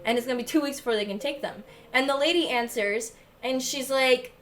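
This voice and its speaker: A woman's voice: high-pitched, fast talker, fairly bright tone, slight background noise. A young woman livestreamer chatting casually as she unboxes packages, gushing and swearing freely. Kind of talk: casual chat while unboxing.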